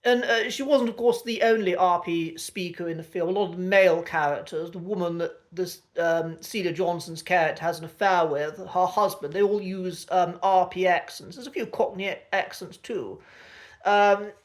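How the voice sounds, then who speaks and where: A man's voice: high voice, normal speed. Thoughtful posh English man teaching. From Britain. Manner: thoughtful, many fillers and restarts. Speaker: accent coach. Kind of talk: casual spoken lesson.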